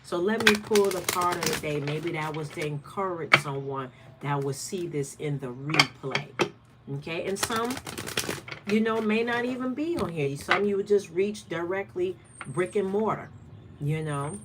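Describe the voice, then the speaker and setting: A woman's voice: lowish voice, moderate pace, very noisy. A woman from Michigan hosting a card-of-the-day livestream, talking bluntly and repeating her points for emphasis. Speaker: spiritual card reader, channel host. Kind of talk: casual livestream talk.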